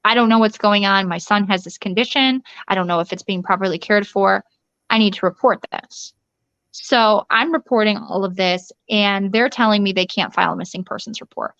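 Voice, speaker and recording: A woman at a middle pitch tells her story in an interview, urgent and rushed, restarting sentences and voicing the people she quotes. The sound is dull and lo-fi, with a dry, close feel and no room echo. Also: vocal fry, fairly bright tone, clear, resonant tone. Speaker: interview guest. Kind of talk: recounting a personal ordeal in an interview.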